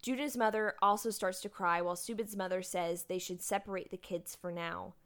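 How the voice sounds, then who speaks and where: Co-hosting a casual podcast, a woman recaps drama episodes with animation and frequent laughter. Her mid-range voice is brisk and a bit bright, with fairly even intonation.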